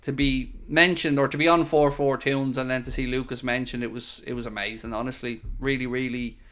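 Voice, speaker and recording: A man hosting a live football watchalong stream, chatting casually, answering viewer messages and bursting out loud when goals go in. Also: mid-range voice. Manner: excitable, swings between chatty asides and loud bursts at goals. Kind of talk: live casual commentary and chat.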